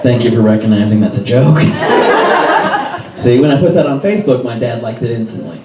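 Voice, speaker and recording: A man doing a stand-up set in a toy store, quick self-mocking jokes, laughing at his own punchlines. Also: mid-range voice, very animated, very noisy. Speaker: stand-up comedian. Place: toy store with live crowd. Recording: roomy live sound from far off with crowd.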